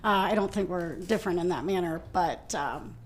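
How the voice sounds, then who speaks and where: A woman's voice: lowish voice, moderate pace. A middle-aged woman, a musician and gymnastics coach, speaking reflectively and hesitantly, with many fillers, as a guest in casual conversation. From Ohio, USA. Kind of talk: casual interview chat.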